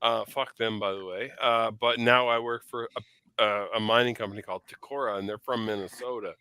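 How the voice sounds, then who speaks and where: Drunk, rambling man with a bright voice. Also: on the low side, fairly even intonation, brisk, clean tone, no echo. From Newfoundland, Canada. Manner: rambling, profane, laughs often. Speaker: podcast co-host. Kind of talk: casual podcast chat.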